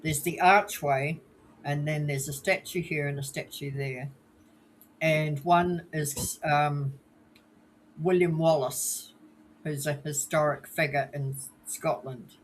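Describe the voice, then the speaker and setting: A podcast co-host telling stories in a relaxed, casual way on a live show, with a teasing streak. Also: mid-range voice, slow pace, slight background noise.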